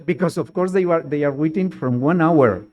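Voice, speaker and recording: A man telling a lively personal story in halting, non-native English with small grammar slips, often laughing as he goes. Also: a little high, dull audio. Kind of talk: personal anecdote in conversation.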